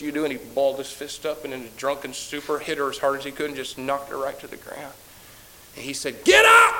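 A man preaching a sermon as a pastor, telling a story and swinging from hushed tones to booming exclamations. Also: slight background noise, poor audio.

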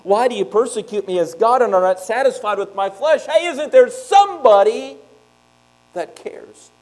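A man preaching a sermon, reading scripture aloud and explaining it in plain talk, with sharp swings between loud and quiet. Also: very high-pitched, animated, moderate pace, poor audio. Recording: mains hum behind the voice.

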